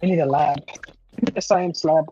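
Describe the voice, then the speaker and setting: A woman hosting a casual livestream chat, excitable and gushing, laughing often. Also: deep voice, moderate pace, husky, no echo, highs cut off, faint music behind. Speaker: livestream host.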